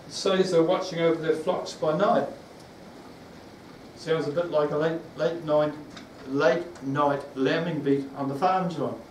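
NZ male preacher, fairly high voice, rambling sermon delivery, recorded far off in an echoey room. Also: fairly even intonation, measured pace, slight background noise. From New Zealand. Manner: rambling, with restarts and questions to the congregation.

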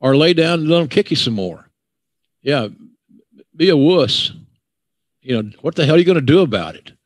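A man's voice: on the high side, very animated, fast, no room sound. Blunt older Southern man ranting. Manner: blunt, gruff, profane ranting. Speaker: podcast host. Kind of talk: casual podcast chat.

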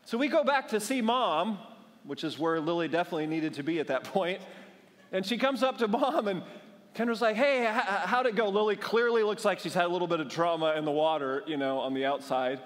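A man's voice: high voice, a little fast. A male pastor preaching a sermon, telling a humorous personal story and building to fervent exhortation. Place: church sanctuary. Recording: long church hall reverb.

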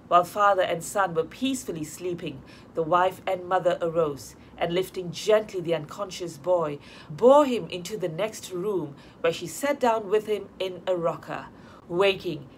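A woman's voice: fairly low pitch, a little hiss or hum, low-quality recording. Woman reading a story aloud. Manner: measured, expressive storytelling. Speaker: audiobook narrator. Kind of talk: scripted narration.

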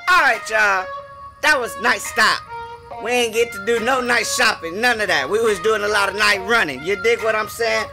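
A man's voice: sits high, poor audio. A young man playing a horror game, yelping and bantering to his viewers in slangy casual talk. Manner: jumpy, yelps and talks to the game. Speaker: gaming YouTuber.

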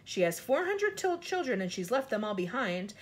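A woman's voice: fairly high pitch, very animated, moderate pace. A woman reading aloud the voice of a young boy who proudly presents his friends in rhythmic, sing-song verse. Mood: showman. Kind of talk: children's book read aloud.

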